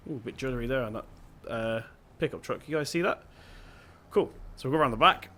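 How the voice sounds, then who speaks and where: A man's voice: medium pitch, very animated, fast talker, bright, forceful tone, slight background noise. A young man giving casual let's-play commentary as a gaming video host, chatty and rambling, often stopping to correct himself.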